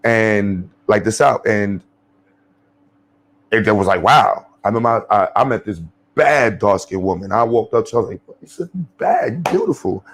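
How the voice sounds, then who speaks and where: A commentary channel host delivers off-the-cuff social commentary, described as a blunt, profane New man on a rant. His voice sits lowish at a moderate pace, with a slight hiss or hum in the recording. He's animated, blunt and profane, rambling with lots of fillers and restarts.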